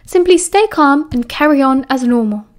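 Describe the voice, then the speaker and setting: A woman's voice: sits high, animated, normal speed, voice pushed up. A woman with a British accent voicing a stern, tired older woman professor in an audiobook, her voice thin and strained.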